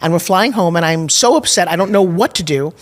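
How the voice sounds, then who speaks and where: A woman's voice: on the low side, expressive, brisk. A middle-aged woman as a podcast guest, telling a personal story candidly and with emphasis, acting out her own past thoughts. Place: studio in Nashville.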